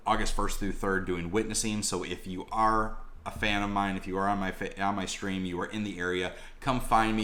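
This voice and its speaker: Male vlogger, deep voice, loose chatty delivery, lots of ums. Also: a bit bright. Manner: rambling, lots of fillers. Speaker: vlogger reviewing a convention. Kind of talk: casual rambling vlog.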